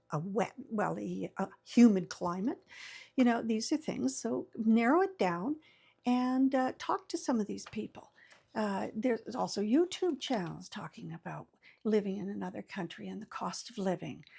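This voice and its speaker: A woman's voice: on the high side, vocal fry, darkish tone, husky. An older woman, host of her own channel, giving casual, folksy advice to camera with many fillers and restarts.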